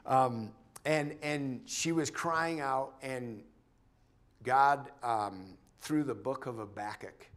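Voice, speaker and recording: Brief: man giving a church testimony, earnest and halting, mid-range voice, restarts often. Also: medium pitch. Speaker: church member sharing a testimony. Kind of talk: personal testimony talk.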